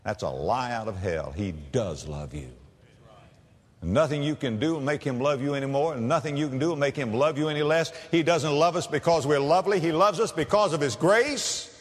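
A male pastor giving a sermon, swinging from loud cries to hushed tones. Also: fairly high pitch, moderate pace, big-room sound.

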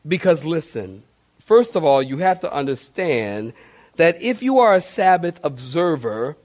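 A male pastor preaching a sermon, animated, putting questions straight to the congregation. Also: on the high side, unhurried. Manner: shouted cartoonish outbursts for emphasis.

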